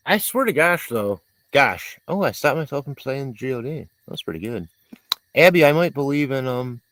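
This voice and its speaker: A man's voice: medium pitch, a bit bright, no room sound. A man hosting a livestream, rambling in casual chat and reading viewers' comments aloud, congested and coughing. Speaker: livestream host.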